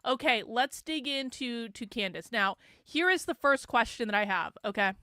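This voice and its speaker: A woman's voice: on the high side, animated, normal speed, sharp tone, no room sound, clean studio sound. A woman hosting a livestream, chatting casually and joking with her viewers. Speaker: livestream host.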